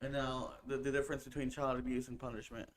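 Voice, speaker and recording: A man co-hosts a loose talk show, cracking jokes and retelling scenes from shows and news. He swears casually and keeps the chat moving with quick asides. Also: mid-range voice, monotone. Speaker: podcast co-host.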